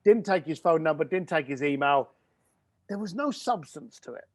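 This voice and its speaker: Guy telling a story on a podcast, high bouncy voice, does everyone's voices. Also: normal speed. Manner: acts out other people's voices; lively, shifts between loud and hushed. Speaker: podcast guest. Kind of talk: animated anecdotal storytelling.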